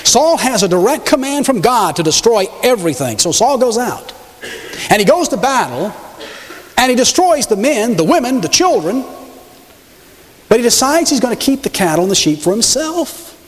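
Emphatic male preacher, lively high voice. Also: normal speed. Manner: emphatic, storytelling, addresses the congregation directly. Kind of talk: sermon. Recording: long hall reverb.

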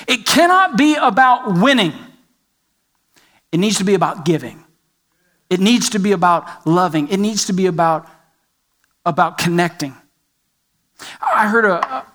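A man's voice: sits high, a bit bright. A man preaching a sermon, telling a story with rising and falling emphasis. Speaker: pastor.

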